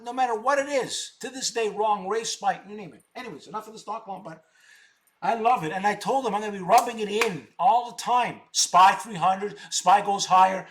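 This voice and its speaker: High-pitched guy ranting on his trading livestream, bragging, hammers the same words over and over. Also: a bit bright. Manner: boastful, combative, repeats words for emphasis. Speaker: stock options streamer. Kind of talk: live stream monologue.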